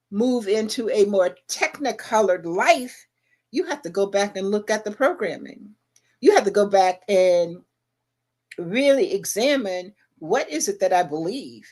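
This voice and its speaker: A woman's voice: mid-range voice, lively intonation, measured pace, a little mellow. A middle-aged woman co-hosting a late-night talk stream, speaking emphatically about spirituality and asking rhetorical questions. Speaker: podcast co-host. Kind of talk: casual livestream talk.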